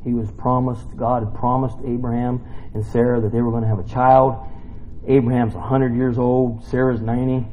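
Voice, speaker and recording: A man's voice: medium pitch, flat delivery, normal speed, narrow, tinny audio, a little hiss or hum. A man giving a casual, jokey sermon in a church, rambling into asides between scripture readings. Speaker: preacher.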